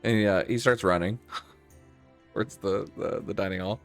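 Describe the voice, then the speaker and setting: A man's voice: low-pitched, steady tone, a little slow, soft background music. A man acting as game master, narrating a tabletop game in a loose, casual way.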